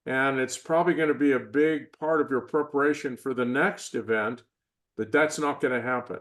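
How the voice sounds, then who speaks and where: Older male guest, reflective and measured, mid-range voice. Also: mid-range voice, a bit bright. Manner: reflective, measured, acts out inner and parental voices. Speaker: guest, performance psychologist. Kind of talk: conversational interview.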